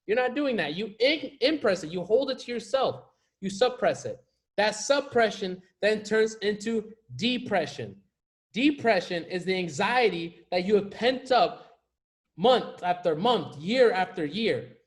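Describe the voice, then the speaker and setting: A man's voice: sits high, animated, unhurried. A man coaching viewers in a casual motivational talk to camera, emphatic and slangy, often repeating his key phrases for effect. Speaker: life coach.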